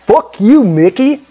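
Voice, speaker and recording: A man voicing a dopey cartoon dog character in a slow, drawling voice with many hesitations. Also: high-pitched, creaky, a little mellow, husky, muffled recording, heavily acted.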